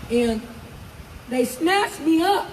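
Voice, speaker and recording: A woman's voice: very high-pitched, lively intonation, takes it slowly. An older woman giving an impassioned speech at an outdoor protest rally, emphatic and repeating phrases for effect. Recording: distant, echoey outdoor sound with loud traffic noise.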